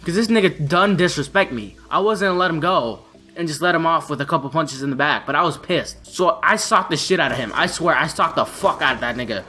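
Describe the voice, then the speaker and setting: A man's voice: on the high side, expressive, fairly quick, bright, forceful tone. A young man telling a story on his vlog in a brash, profane way. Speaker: vlogger.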